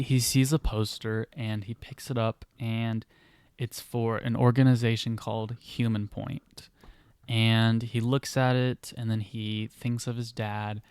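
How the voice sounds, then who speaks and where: Slow-talking man retelling a story. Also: fairly low pitch, a little mellow, smooth, dry recording. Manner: rambling, many fillers and restarts. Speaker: podcast host.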